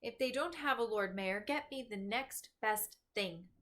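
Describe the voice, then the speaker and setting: A woman voicing a queen in a storybook, brisk and giving orders. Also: mid-range voice, a bit bright, close to an everyday voice. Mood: commanding.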